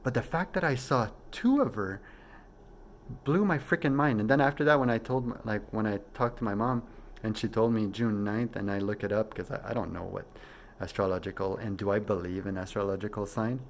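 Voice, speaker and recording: A man with a fairly low voice tells a personal story on his own vlog in a loose, casual way. He is excitable, dropping to a hush and then jumping up to exclaim. A faint room ambience sits behind him. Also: fairly quick, a little hiss or hum. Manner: excitable, swings from hushed to exclaiming. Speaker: vlog host.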